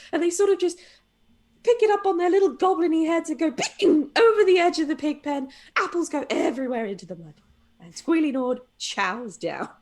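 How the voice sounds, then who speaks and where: Playful, giggly woman game master with a high, lively voice. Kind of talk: narrating a tabletop game.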